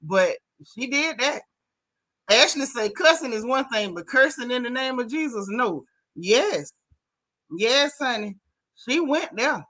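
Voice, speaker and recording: At a measured pace, a woman whose voice sits on the high side chats animatedly with viewers on her gossip talk stream, reading their comments casually. She addresses them as "y'all," "baby," and "honey."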